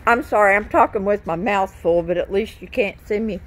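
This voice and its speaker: A woman's voice: mid-range voice, fairly quick, hardly any pauses. A woman chatting to viewers while she gardens outdoors, scattered and friendly, talking to her plants. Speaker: gardening vlogger. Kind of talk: casual chat to camera while gardening.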